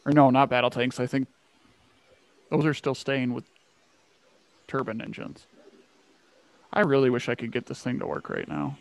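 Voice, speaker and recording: A man's voice: medium pitch, normal speed, gravelly, pauses often, no room sound. A man co-hosting a casual truck podcast over a video call, rambling and joking about his own tech trouble. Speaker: podcast co-host. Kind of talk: casual chat.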